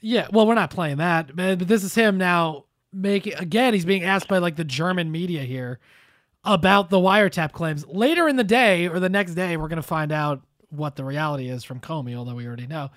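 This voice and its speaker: A man's voice: fairly high pitch, fairly quick, fairly bright tone, no room sound, studio quality. A man co-hosting a political podcast, casual, sarcastic and loose, with some swearing. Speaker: podcast co-host.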